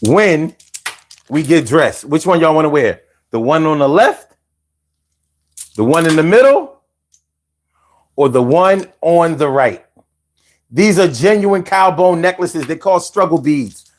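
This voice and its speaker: A middle-aged man hosts a live stream from home. He is slightly higher-pitched than most men and talks in a loose, profane, rambling way, stumbling over restarts as he reads viewers' comments aloud. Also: lively intonation, a little slow, pauses often, a little hiss or hum. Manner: profane, rambling, stammering restarts, laughing asides.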